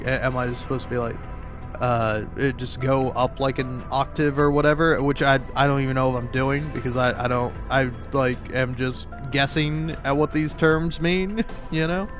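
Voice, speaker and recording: A man in his twenties, a gaming streamer who chats casually, rambling and stammering and laughing often. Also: mid-range voice. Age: 20s. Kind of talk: casual chat while playing.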